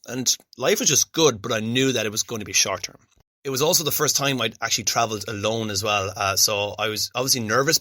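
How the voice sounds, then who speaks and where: Young Irish man, podcast host, chatty, self-deprecating, bright voice, dry sound. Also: mid-range voice, no room sound. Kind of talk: solo podcast storytelling.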